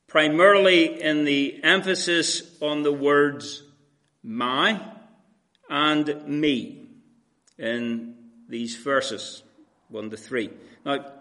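A man delivers an expository sermon in a slightly high voice. He speaks very slowly and deliberately. He pauses often, uses fillers, and addresses his listeners as friends. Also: fairly bright tone. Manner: slow, measured, with frequent pauses and fillers. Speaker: preacher.

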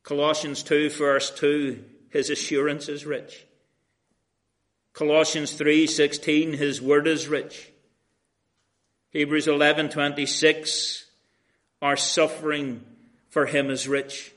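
A man's voice: on the high side, little pitch movement, slow, long pauses, fairly bright tone. A male pastor, preaching an earnest sermon and citing scripture verses.

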